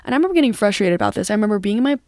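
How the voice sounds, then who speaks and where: A woman's voice: medium pitch, very animated, rapid-fire, warm tone, no echo, clean studio sound. A woman hosting a devotional podcast, talking earnestly in a conversational way. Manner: earnest and conversational, with frequent "like" and "literally". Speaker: podcast host.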